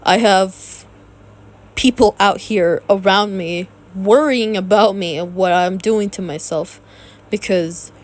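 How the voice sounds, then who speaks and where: A woman's voice: mid-range voice, darkish tone. A woman giving an emotional commentary rant, tearful and close to crying, raw and heated, with stumbling restarts. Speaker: YouTube commentator.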